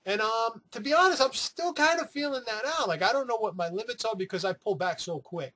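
A man's voice: high voice, brisk, pushed and bright. A man from New City, chatting casually to camera in a rambling, profane way with playful asides. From New York City. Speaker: weight-loss vlogger.

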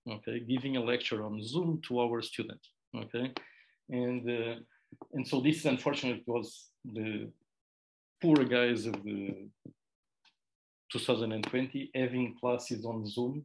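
A middle-aged man with a gravelly, creaky voice gives a relaxed talk to university students. He wanders into side remarks and jokes at his own expense. Faint noise sits under the recording. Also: mid-range voice, measured pace, low-quality recording. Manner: conversational, digressive, self-deprecating asides. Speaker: PhD programme director. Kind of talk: informal presentation to students.

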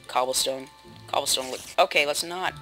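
A man's voice: mid-range voice, normal speed, low-quality recording. Rambling young man over game music. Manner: rambling self-mocking chatter with loud outbursts. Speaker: gaming video host. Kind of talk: casual gameplay commentary. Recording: game music playing behind.

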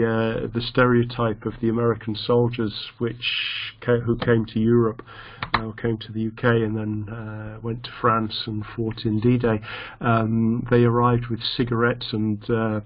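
Man, teacher, halting lecture, low flat voice, dull lo-fi sound. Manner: slow and halting, many fillers and restarts. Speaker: English teacher. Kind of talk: online lecture.

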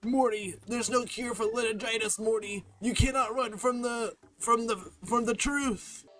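A man doing an impression of a frantic old male mad scientist, yelling in a shrill, strained voice at his grandson. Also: fairly even intonation, a little slow. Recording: game music behind.

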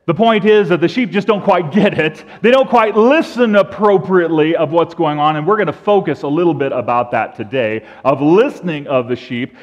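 A man's voice: a little high, normal speed, hardly any pauses. A man preaching a sermon as pastor, telling stories animatedly and acting out the bleats and calls of sheep. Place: church sanctuary. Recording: dull sound with long church reverb.

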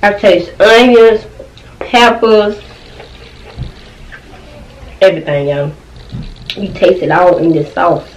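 A woman's voice: fairly low pitch, steady tone, takes it slowly, long pauses, distant mic, slight background noise. A young woman chatting casually and eating on camera at home, with lots of appreciative "mm"s as she tastes. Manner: chatty, eating on mic with frequent "mm"s. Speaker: mukbang vlogger. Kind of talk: casual food review while eating. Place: at home with her kids nearby. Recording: roomy, off-mic home recording.

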